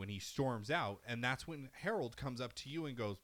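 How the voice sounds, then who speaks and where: Man, bright forceful voice, casual game chat, animated storyteller, swears a lot, middle pitch. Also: fairly quick. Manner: animated storytelling with profanity, acting out characters. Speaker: podcast co-host.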